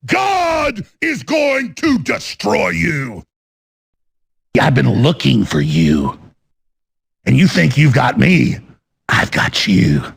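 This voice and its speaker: A gravelly raging madman. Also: medium pitch, sing-song, takes it slowly, pauses often, full character voice. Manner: ranting, swinging from muttering to shouting. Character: raging unhinged threatening game character.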